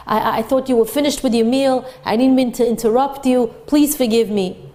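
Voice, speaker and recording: A woman's voice: a little high, fairly even intonation, a little fast, warm tone, natural voice. A woman voicing a humble older male rabbi, pleading and apologetic.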